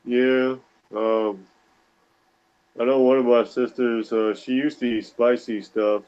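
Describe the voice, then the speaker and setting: A man's voice: mid-range voice, little pitch movement, slow pace, a little mellow, clear, resonant tone. Rambling man on dull call audio. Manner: rambling, hesitant with many fillers. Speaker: livestream guest. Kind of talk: casual chat.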